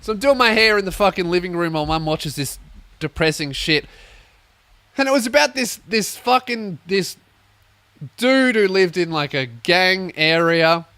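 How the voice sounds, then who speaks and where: A young man hosting a comedy podcast, telling a story as a sweary, animated rant. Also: high voice, moderate pace, clear, resonant tone, no echo. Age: young adult. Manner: swearing, animated, acts out voices.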